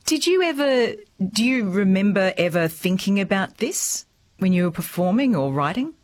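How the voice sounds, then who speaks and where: A woman hosting a radio interview, asking measured, probing questions. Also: mid-range voice, big pitch swings. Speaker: radio host.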